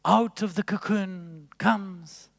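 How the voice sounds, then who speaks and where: A man doing a hushed old nature documentary narrator. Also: high-pitched, steady tone, gravelly, heavily acted. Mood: hushed reverent. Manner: slow, reverent, hushed narration. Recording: long reverb of a large hall.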